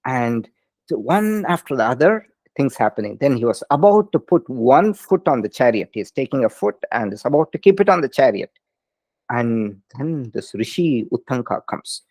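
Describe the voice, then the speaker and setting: A man's voice: medium pitch, big pitch swings, moderate pace, darkish tone, dry recording. Chatty male scripture teacher, dry close sound. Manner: casual, laughing, with fillers. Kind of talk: lecture with storytelling.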